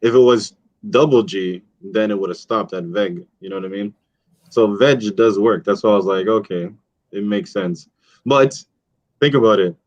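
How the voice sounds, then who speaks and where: Loose, profane, filler-heavy stories come from this casual podcast host, whose fairly low voice has lively intonation and a moderate pace. The recording sounds dull, dry and lo-fi.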